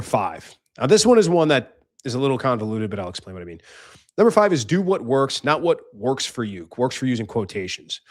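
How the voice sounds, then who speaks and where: A man's voice: mid-range voice, no room sound, studio quality. A young man hosting a podcast, giving life advice in a blunt casual monologue, swearing freely and acting out voices. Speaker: podcast host.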